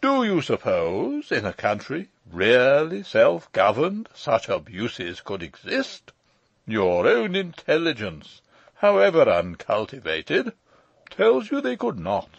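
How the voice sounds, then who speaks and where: A man reading the part of a pompous elderly gentleman who lectures at length. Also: mid-range voice, huge pitch swings, slow pace, gravelly, dry recording, muffled recording, full character voice. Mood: lecturing. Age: older. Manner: lecturing, long-winded. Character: pompous elderly male lecturer, self-important.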